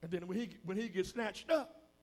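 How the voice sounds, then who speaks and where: A man preaching a sermon to a congregation, dropping to a hush and then rising loud again, acting out the voices of the people he quotes in a folksy way. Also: high voice, normal speed. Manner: preaching with sudden swings between hushed and loud. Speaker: pastor. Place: church hall with a congregation.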